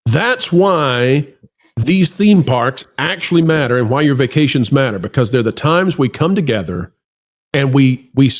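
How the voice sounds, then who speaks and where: Earnest man addressing listeners as folks. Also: medium pitch. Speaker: podcast host. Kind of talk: heartfelt talk-show commentary.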